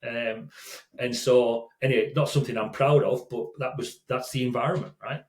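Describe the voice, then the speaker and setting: An older man appears as a guest, telling stories casually and rambling, often restarting and correcting himself. His medium-pitched voice is a little mellow, with fairly even intonation and normal speed, in a recording with roomy echo.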